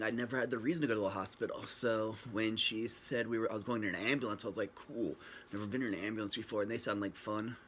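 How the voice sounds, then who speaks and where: A man's voice: lowish voice, a bit bright, slight background noise. A man telling his own story casually to a camera at home, rambling and joking, acting out what people said. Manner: rambling, joking, acts out quoted dialogue. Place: at home, facing a screen camera. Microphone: built-in camera mic.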